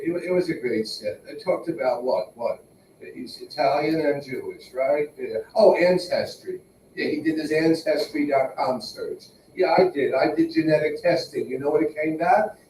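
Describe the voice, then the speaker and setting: A man's voice: a little high, darkish tone, distant mic, slight background noise. Man, open mic host, punchy stand-up patter, roomy live room, off-mic. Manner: punchy, repeats "let me tell you". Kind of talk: stand-up emcee banter. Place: small comedy venue.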